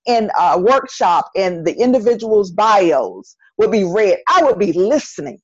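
A woman's voice: mid-range voice, big pitch swings, measured pace, slightly rough, no echo, lo-fi sound. A middle-aged woman with a Southern North Carolina accent, talking earnestly as a podcast guest and repeating phrases for emphasis. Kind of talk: casual interview conversation.

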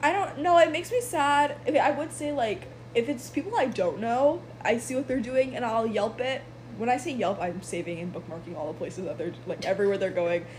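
Young woman host, casual podcast chat, filler-heavy and rambling, a touch high-pitched, faint noise behind. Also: fairly quick, a little mellow, low-quality recording. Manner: chatty, many fillers and self-interruptions.

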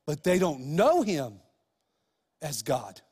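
A man's voice: on the high side, sing-song, takes it slowly, a little mellow, slightly rough, big-room sound. A pastor preaching a sermon, emphatic and speaking straight to his listeners with rhetorical questions.

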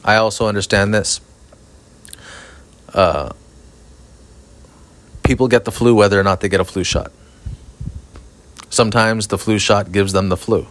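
Flat-voiced, profane man ranting. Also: lowish voice, a little slow, pauses often, slight background noise. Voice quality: monotone, flat delivery. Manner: profane, rambling, self-aware. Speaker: podcast host. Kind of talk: casual solo podcast rant. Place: outdoors at night near an apartment complex. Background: sprinklers.

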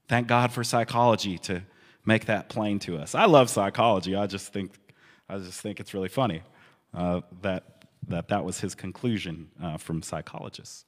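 A man preaching a sermon in a relaxed, conversational way, with amused asides. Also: lowish voice, moderate pace. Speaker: pastor. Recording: long reverb of a hall.

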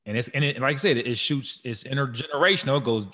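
A man's voice: medium pitch, fast, bright, forceful tone, big-room sound. A man co-hosting a casual podcast, rambling with lots of "you know" fillers. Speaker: podcast co-host.

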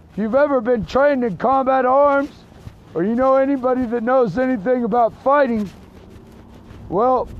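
A man preaching outdoors in a park, telling a story slowly and deliberately, dropping his voice for the quoted lines. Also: very high-pitched, dull audio. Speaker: street preacher. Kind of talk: sermon storytelling.

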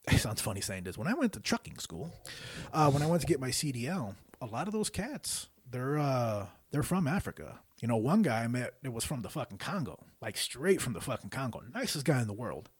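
A man talking as a podcast guest in casual chat, animated, swearing often and retelling jokes with laughs. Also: medium pitch, brisk, breathy edge, no room sound.

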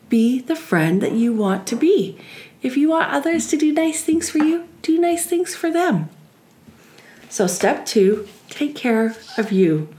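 A middle-aged woman coaches her listeners in a warm, earnest solo talk, acting out the doubting voices in her head. Her voice sits a little high. The room around her rings with a clear echo. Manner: earnest, encouraging, acts out inner voices. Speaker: life coach. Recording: echoey room.

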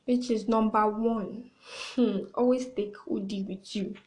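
A young woman hosting a podcast, chatting through a casual story in an expressive way and sometimes dropping into hushed asides. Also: fairly high pitch, unhurried, low-quality recording. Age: young adult. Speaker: podcast host.

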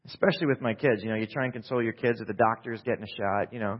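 A middle-aged man gives a calm, understated sermon full of little fillers and restarts. His voice carries the long reverb of a big church hall. The recording has a slightly dull, lo-fi tone. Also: rapid-fire, hardly any pauses. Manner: calm, low-key, self-deprecating delivery with many fillers. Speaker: preacher. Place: church sanctuary during a service. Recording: echoey hall, dull lo-fi sound.

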